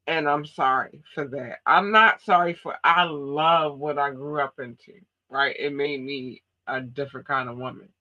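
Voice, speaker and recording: A woman's voice: sits low, fairly even intonation, normal speed, few pauses, sharp tone, lo-fi sound. A woman from Baltimore with a Baltimore accent, podcast host in casual chat, talking in an emphatic, blunt and profane way. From Baltimore, USA.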